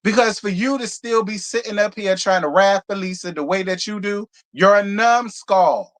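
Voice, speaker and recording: This channel host gives a live review as a fiery, profane rant, blunt and worked up, repeating lines again and again for emphasis. The pitch sits mid-range, the intonation is fairly even, and the pace is fairly quick.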